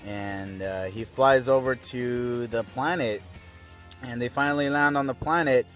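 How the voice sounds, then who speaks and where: A man's voice: medium pitch, a little slow, fairly bright tone, soft background music. A young man casually recapping a cartoon episode, laid-back and crude with lots of fillers.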